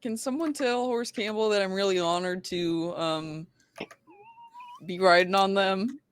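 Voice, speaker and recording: A woman playing a tabletop game who talks excitably and stammers over her words. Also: medium pitch, unhurried, clean tone. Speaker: player. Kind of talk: casual tabletop game chat.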